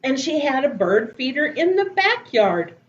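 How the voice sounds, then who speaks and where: A woman teacher reading picture books and poems aloud to preschoolers in a slow, gentle, sing-song way. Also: sits high, big pitch swings, roomy sound, muffled recording, a little hiss or hum. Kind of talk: children's storytime reading.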